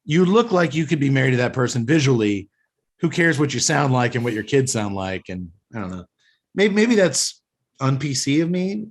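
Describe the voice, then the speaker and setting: A man hosts a podcast in casual chat. He rambles and holds strong opinions, often restarting his sentences. His voice sits at an ordinary middle pitch. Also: sing-song, normal speed. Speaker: podcast host.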